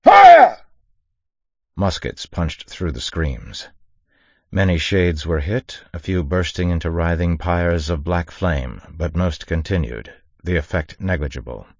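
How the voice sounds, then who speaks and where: A man reading a battle scene as an audiobook narrator, measured and dramatic. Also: low-pitched, dry recording, highs cut off. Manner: measured dramatic reading, raises voice for shouted orders. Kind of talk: scripted narration.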